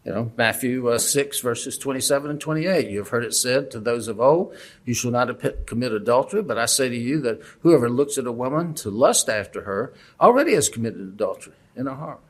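A man's voice: mid-range voice, animated, brisk. A man giving a casual, conversational Bible lesson from a lectern, asking the audience questions and joking at his own expense. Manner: conversational, questioning, self-deprecating humor. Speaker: Bible teacher.

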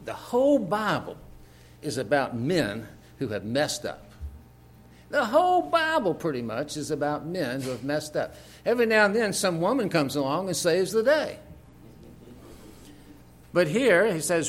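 A man's voice: on the high side, big pitch swings, measured pace. A man preaching a sermon, reading scripture aloud and adding folksy, joking asides with frequent fillers.

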